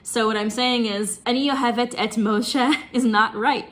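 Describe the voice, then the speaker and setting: Bright-voiced woman giving casual commentary. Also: a little high, fairly even intonation, fast. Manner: chatty, laughing, explains word by word. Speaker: reaction video host.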